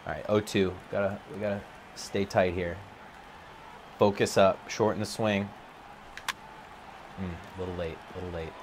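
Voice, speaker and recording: A man commentating live on his own video game play from an empty office, excitable, his voice jumping high when he gets worked up. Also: normal speed, pauses often, slight background noise.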